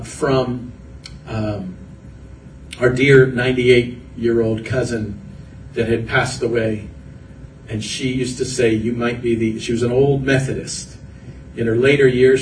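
Man, pastor, earnest sermon, repeated phrases, echoey room, distant mic, faint rumble. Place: church hall.

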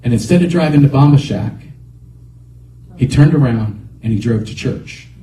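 Animated preacher in an echoey church. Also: male voice, medium pitch, normal speed, far from the mic. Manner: animated, repeats exhortations. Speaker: pastor. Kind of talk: sermon.

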